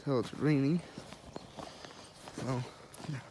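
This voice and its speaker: A man's voice: medium pitch, slow, background noise. A man casually narrating his outdoor walk, rambling and laughing at himself. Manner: rambling, self-amused, talks to himself. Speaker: vlogger. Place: outdoors in wet grass and woods.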